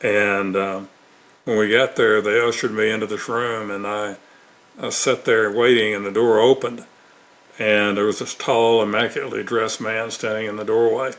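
An older man from Mississippi, USA, an author and evangelist, tells stories in an interview, speaking earnestly with many fillers and restarts. His voice sits on the low side with little pitch movement and a moderate pace. The tone is a bit bright, though the highs are cut off.

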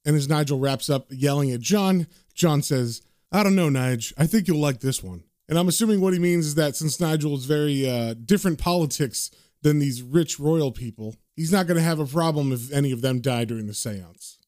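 A man's voice: a little high, brisk, few pauses, a little mellow, no room sound, studio quality. A man casually recapping and reading a comic aloud, with loose filler words. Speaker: comic book reader and recapper.

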